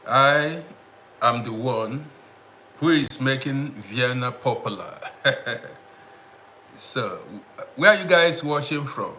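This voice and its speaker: Greeting viewers by name, a man runs a casual livestream and often repeats himself as he addresses the audience. He has a mid-range voice with a sharp tone. A little hiss or hum sits under the recording.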